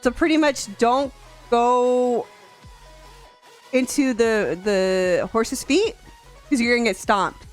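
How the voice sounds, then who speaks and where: A young woman streamer chatting casually on a live stream, animated and quick to laugh, swearing freely. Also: a little high. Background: faint music.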